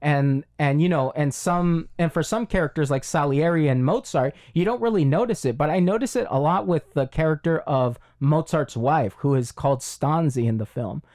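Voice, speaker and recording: A man's voice: on the high side, moderate pace, few pauses, darkish tone. Rambling man reviewing a film. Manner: rambling, many fillers and restarts. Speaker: podcast co-host. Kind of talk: casual film review chat.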